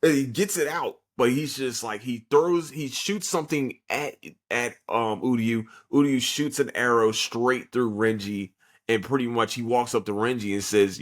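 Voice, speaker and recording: A man hosting a podcast, casually reviewing an anime with a profane, excitable retelling full of fillers. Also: medium pitch, moderate pace. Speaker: podcast host.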